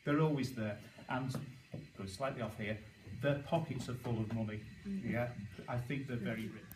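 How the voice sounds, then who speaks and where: A man from Liverpool with a Liverpool accent, giving an informal talk to learners and explaining things slowly, often checking in with "okay?". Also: medium pitch, steady tone, roomy sound, far from the mic, noisy background. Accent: Liverpool (Scouse). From Liverpool, England.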